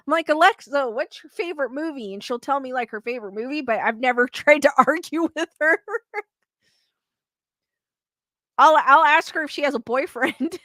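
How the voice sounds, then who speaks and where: High, bright-voiced woman chatting casually. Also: no room sound. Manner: chatty, laughs often, reads comments aloud. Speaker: livestream host reading viewer comments. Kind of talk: casual chat.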